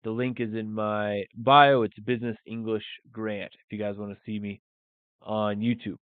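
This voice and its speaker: Teacher with a tinny phone sound. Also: male voice, on the low side, moderate pace, smooth, dry recording. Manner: relaxed, thinks aloud, mixes in Spanish phrases. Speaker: English teacher. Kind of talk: live-streamed language lesson.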